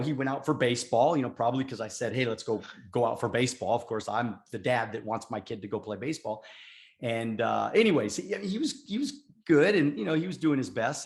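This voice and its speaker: Male host, forties, frank and rambling, self-deprecating. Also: medium pitch. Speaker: podcast host. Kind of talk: conversational interview.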